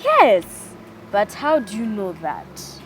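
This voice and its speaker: A woman voicing an eager, curious first woman in a children's story, speaking in an excited, exclaiming way. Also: medium pitch, takes it slowly, slight background noise.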